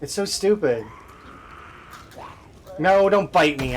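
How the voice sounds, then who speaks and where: Male game streamer, slightly high voice, very lively pitch, frustrated self-talk commentary. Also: a little slow, slight background noise. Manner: exasperated, talks to himself while playing. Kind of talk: live gameplay commentary.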